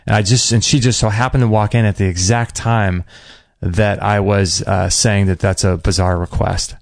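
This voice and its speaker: A man hosting a podcast, telling a personal story in a casual, animated way and acting out what people said. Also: fairly low pitch, normal speed, creaky, dry recording, studio quality. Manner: animated, acts out quoted dialogue; emotional, near tears at times. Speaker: podcast host.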